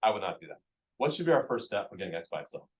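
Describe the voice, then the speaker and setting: A man's voice: fairly low pitch, very animated, very fast, husky. A man teaching a math class, explaining each step casually with lots of ums and checks of "right?". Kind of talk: classroom lecture.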